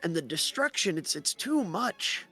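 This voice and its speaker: A man's voice: a little high, sing-song, unhurried, pushed and bright, breathy edge, full character voice. A man voicing an earnest male druid elder who pleads for his people in a tabletop game. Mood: pleading. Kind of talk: tabletop role-play voice.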